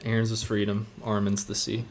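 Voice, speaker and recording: A man's voice: on the low side, monotone, a little fast, slight background noise. A man co-hosting a podcast, chatting casually, earnest and teasing, swearing now and then. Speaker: podcast co-host.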